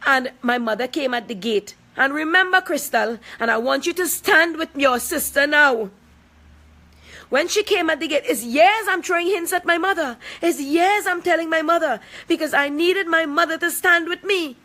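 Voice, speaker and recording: Her high voice pushed and bright at a moderate pace, a woman in her 40s makes an emphatic, angry statement in a personal video. She's confrontational and repeats her points to drive them home.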